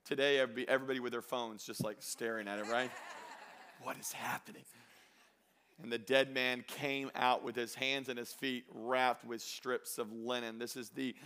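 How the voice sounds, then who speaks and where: A man preaching a sermon, moving between loud exhortation and quiet storytelling, drawing out key phrases slowly. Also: medium pitch, level tone, clear, resonant tone. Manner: slows down and stretches phrases for emphasis. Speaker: pastor.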